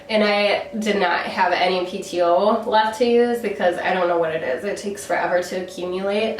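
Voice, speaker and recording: A young woman chats her way through a makeup tutorial, upbeat and quick to laugh. Her voice sounds stuffed up and nasal from a cold. She is picked up from a distance in a roomy space with a faint hiss underneath. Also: mid-range voice. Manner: chatty and upbeat, laughs often. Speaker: beauty vlogger. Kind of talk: casual get-ready-with-me makeup tutorial.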